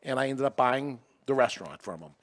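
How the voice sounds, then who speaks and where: A man's voice: mid-range voice, brisk. Guy in his 60s from massachusetts, spinning a story, acts out the lines. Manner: animated, acts out dialogue. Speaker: guest, business owner. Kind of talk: casual storytelling.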